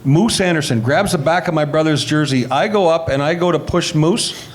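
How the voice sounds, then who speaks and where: Middle-aged former player, slightly high voice, animated anecdotal interview delivery. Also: male voice, normal speed. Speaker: retired hockey player telling stories. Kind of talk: storytelling interview.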